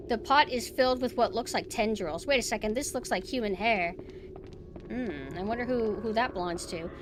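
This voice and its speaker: A young woman streaming a horror game, chatting casually and excitably as she plays. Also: on the high side, noisy background. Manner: chatty, excitable, cheering her dog on. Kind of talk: casual gameplay commentary.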